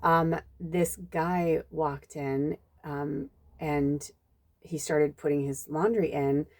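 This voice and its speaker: A woman, a psychic medium, telling a story in a rambling, casual way, full of fillers and acted-out quotes. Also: takes it slowly. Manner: animated, rambling, heavy use of "like" and "you know"; acts out quotes with jumps in pitch. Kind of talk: casual spoken storytelling in a reading video.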